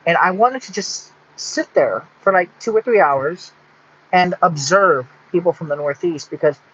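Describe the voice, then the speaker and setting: A man's voice: high-pitched, measured pace, a bit bright, slightly rough. A man from Texas rambling in a casual vlog monologue, full of restarts and fillers. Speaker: vlogger. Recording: dull lo-fi sound.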